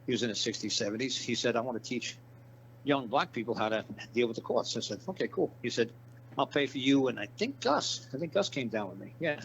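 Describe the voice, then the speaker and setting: A man telling a long story in a casual interview, animated and profane, acting out the people in his tale. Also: mid-range voice, fast, dull audio, a little hiss or hum. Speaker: guest.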